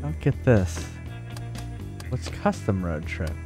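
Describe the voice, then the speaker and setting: Man streamer with a lively, bouncy voice. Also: deep voice, slow, music in the background. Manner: confused, joking, thinks out loud. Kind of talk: casual gameplay commentary.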